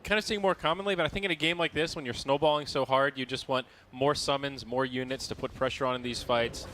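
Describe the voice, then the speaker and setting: A man in a broadcast studio calls a live esports match with quick play-by-play. He jokes between plays and his voice jumps up when the fighting heats up. A steady hiss of background noise runs under the whole recording. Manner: animated, joking, rises in pitch at big plays. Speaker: esports commentator. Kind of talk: live play-by-play game commentary.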